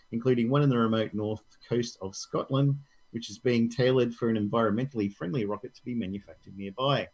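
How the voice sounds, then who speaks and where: A man's voice: mid-range voice, darkish tone, slightly rough, poor audio. A man co-hosting a casual tech news podcast, reading articles aloud and joking with his co-host.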